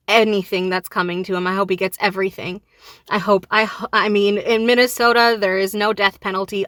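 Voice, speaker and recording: Young woman vlogger, bright tense voice, dry close sound, grieving and furious, near tears. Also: mid-range voice, no echo. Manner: grieving and enraged, voice rising and falling. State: on the verge of tears. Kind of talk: emotional direct-to-camera talk.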